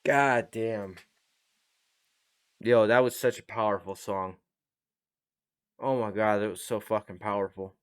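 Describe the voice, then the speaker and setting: A blunt, profane man hosts a reaction video. His voice sits a little low, and he talks in loose, emphatic commentary that is full of swearing. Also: steady tone, unhurried, long pauses, clear, resonant tone.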